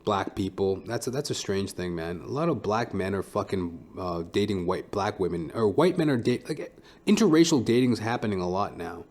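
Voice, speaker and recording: A man's voice: lowish voice, lively intonation, fairly quick, a little mellow. A man who is a stand-up comedian, hosting his own podcast in a blunt, profane, rambling monologue.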